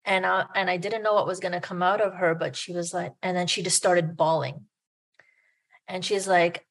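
A woman's voice: lowish voice, fairly even intonation, normal speed. A woman guest, a parish group president, earnestly telling a personal faith story with many fillers.

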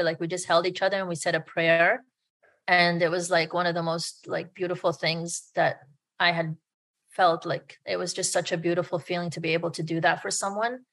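A woman's voice: fairly low pitch, fairly bright tone. A woman guest, a parish group president, earnestly telling a personal faith story with many fillers.

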